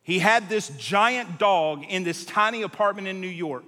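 A man's voice: high voice, normal speed. A man preaching a sermon to a live congregation, telling a story animatedly and jumping between tangents. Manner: animated, jumps between tangents, acts out quotes. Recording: long reverb of a large hall.

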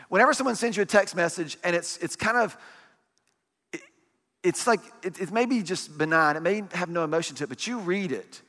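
A man in his forties preaching a sermon, telling stories with lively energy and asking the congregation rhetorical questions. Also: high voice, long reverb tail. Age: 40s. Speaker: pastor.

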